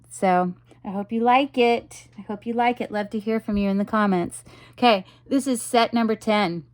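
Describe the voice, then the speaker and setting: Lady rambling about her jewelry finds, lots of ums, eager, mid-pitch voice, dry close sound. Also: dry recording. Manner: chatty, rambling, frequent ums and you-knows; enthusiastic selling tone. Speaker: jewelry seller presenting her wares. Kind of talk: casual product showcase.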